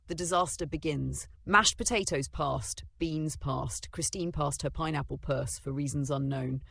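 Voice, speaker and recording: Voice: mid-range voice, measured pace, creaky, sharp tone, husky, no room sound. A narrator reading a children's storybook in a dramatic, playful way.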